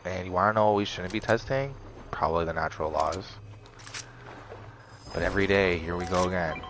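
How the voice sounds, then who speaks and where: A young man casually telling a story to the camera, animated, quoting others in a raised voice, with laughs and swearing. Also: low voice, brisk, over music. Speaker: vlogger.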